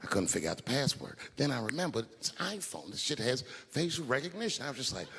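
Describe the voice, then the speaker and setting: A middle-aged man doing stand-up on a theater stage, telling stories animatedly and shouting some punchlines. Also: mid-range voice, quick pace. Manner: animated storytelling, swings to loud shouted punchlines. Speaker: stand-up comedian. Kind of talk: stand-up comedy routine. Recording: big hall, loud crowd and noise. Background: audience laughter and applause.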